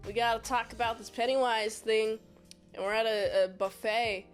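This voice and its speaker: A woman's voice: on the high side, steady tone, moderate pace, soft background music. A woman reviewing a movie in a casual, rambling, jokey recap with self-deprecating asides.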